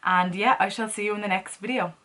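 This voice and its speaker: A woman's voice: medium pitch, fairly even intonation, quick pace, sharp tone. A woman chatting casually as she walks through a makeup tutorial, playful and talking to herself as she works. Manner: chatty, playful, talks to herself while working. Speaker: makeup vlogger.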